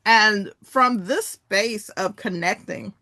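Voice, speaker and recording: A woman's voice: mid-range voice, slow, bright, forceful tone, no echo, studio quality. A middle-aged woman presenting a wellness workshop, walking listeners through exercises and asking them to repeat phrases with her. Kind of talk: interactive wellness talk.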